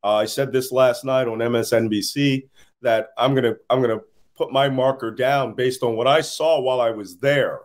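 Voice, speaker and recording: Tired man guest, mid pitch, animated talker who laughs mid-story, remote call. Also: moderate pace. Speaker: interview guest, security analyst. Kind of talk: casual interview talk.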